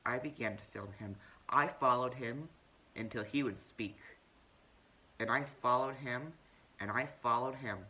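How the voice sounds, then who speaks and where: Poor audio carries a man of medium pitch, speaking a little slowly, as he impersonates a sanctimonious young woman telling her tale. The bit is an indignant, pompous comic lecture, delivered deadpan and full of self-importance.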